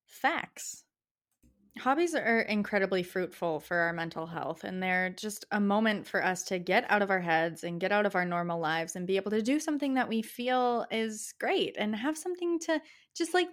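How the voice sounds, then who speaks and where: A young woman with a Canadian accent talks through a casual solo podcast. She is passionate and chatty, and her pitch climbs at the end of her phrases. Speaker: podcast host.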